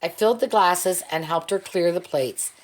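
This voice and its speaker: Calm woman reading an audiobook. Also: fairly low pitch, normal speed. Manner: calm, steady storytelling. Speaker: audiobook reader. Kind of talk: audiobook narration.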